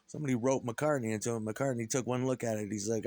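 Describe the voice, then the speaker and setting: A man's voice: medium pitch, fairly even intonation, quick pace, warm tone, no echo. Profane, rambling middle-aged man. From upstate New York. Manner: profane, rambling, aggrieved rant with many restarts. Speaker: former punk musician. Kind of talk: rambling solo monologue.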